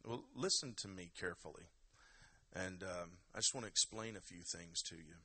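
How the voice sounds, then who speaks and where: A man's voice: sits low, normal speed, sharp tone, husky. A man preaching a sermon in a conversational, emphatic way and urging the congregation to give praise. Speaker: pastor.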